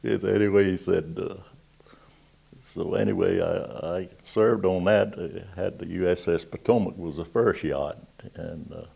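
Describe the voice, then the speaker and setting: In a dark-toned, husky, creaky low voice and at an unhurried pace, a roughly ninety-year-old navy veteran of WWII recounts his old navy stories. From Georgetown, South Carolina, he speaks with a Southern accent, folksy and rambling, chuckling between tales for an oral history interview.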